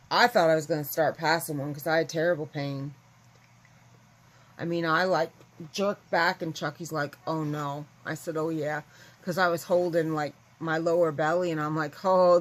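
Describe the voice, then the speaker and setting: A woman's voice: deep voice, low-quality recording. A woman chatting casually to her viewers, rambling and candid. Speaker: vlogger. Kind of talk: casual chat to camera.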